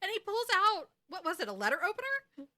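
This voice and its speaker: A woman's voice: extremely high pitch, a little fast. A woman co-hosting a podcast, recapping an episode in casual chat and acting out the characters' lines with laughter. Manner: animated storytelling, acting out quotes, laughing. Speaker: podcast co-host.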